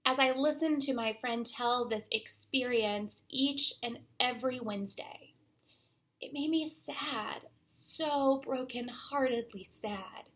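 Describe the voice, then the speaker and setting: A young adult woman pastor giving a sermon, speaking slowly and deliberately and letting her phrases fade to a near-whisper. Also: a little high, fairly bright tone. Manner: slow, deliberate delivery that trails off to a near-whisper at phrase ends.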